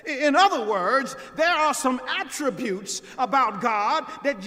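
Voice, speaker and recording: A man preaching a sermon in a church, building to emphatic, almost shouted lines. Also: very high-pitched, lively intonation, measured pace, hardly any pauses, big-room sound. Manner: preaching with rising emphatic outbursts. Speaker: pastor.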